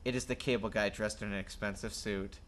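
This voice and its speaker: A man's voice: fairly low pitch, fairly even intonation, brisk. A man reading stage directions and dialogue aloud in a script read-through, narrating action. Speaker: script reader.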